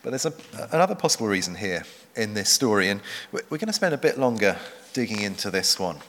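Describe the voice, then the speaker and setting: Male pastor, sermon delivery, earnest, deliberate pauses, bright tone, long church reverb. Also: lowish voice, sing-song, a little hiss or hum. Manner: earnest, measured, slows for emphasis. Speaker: preacher.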